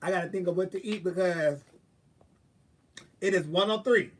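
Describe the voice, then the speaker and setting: A man's voice: high voice, normal speed. Chatty man rambling, a little distant. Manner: chatty, profane, animated, thinking aloud. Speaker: vlogger. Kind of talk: casual rambling monologue.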